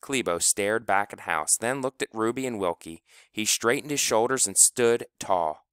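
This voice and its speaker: A man reading a story aloud as narrator, lively and expressive, acting out characters. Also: lowish voice, moderate pace, smooth, no echo, studio quality. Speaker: audiobook narrator. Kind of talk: scripted narration.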